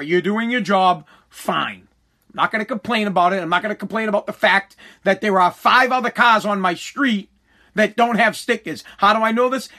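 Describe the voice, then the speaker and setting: High, bright-voiced exasperated man. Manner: exasperated, rambling, swears often. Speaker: podcast host. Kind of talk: casual venting monologue.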